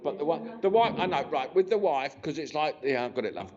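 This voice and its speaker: In a church hall, a male spiritualist medium banters with the congregation during a live demonstration, joking cheekily and often starting over. He speaks quickly in a fairly high, sing-song voice with a darkish tone, and the recording is dull and lo-fi.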